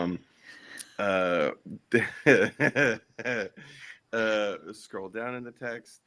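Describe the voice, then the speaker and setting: A man telling a story in casual livestream chat, halting and profane as he goes. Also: fairly low pitch, creaky, a bit bright.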